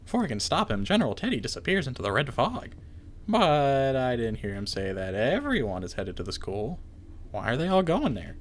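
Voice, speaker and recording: A man's voice: medium pitch, sing-song, fairly quick. A man hosting a game playthrough, reading the story text aloud and breaking off with dry, joking asides. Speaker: let's play host.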